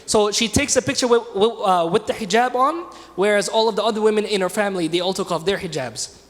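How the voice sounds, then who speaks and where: A man with a high voice leads a religious lesson in a mosque. He tells the story in a loose, conversational way and keeps turning to his class with questions. His voice rings out with a long echo in the hall. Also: fast talker. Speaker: teacher leading a class. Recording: reverberant hall.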